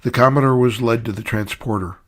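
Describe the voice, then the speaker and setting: A man narrating a short story in a measured storytelling way. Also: mid-range voice.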